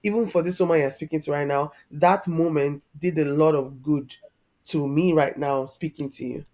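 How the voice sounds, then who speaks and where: A woman in her thirties with a fairly low voice. She tells a personal story as a podcast guest, openly and reflectively, her feeling close to the surface. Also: steady tone, moderate pace, dark tone. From Nigeria. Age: 30s. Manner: heartfelt, reflective, openly emotional.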